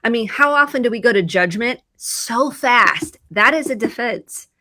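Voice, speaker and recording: A woman's voice: a little high, animated, normal speed, pushed and bright, no echo. A woman therapist talking casually on a video call, telling stories and acting out her own quoted lines with animation. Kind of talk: video chat about mental health.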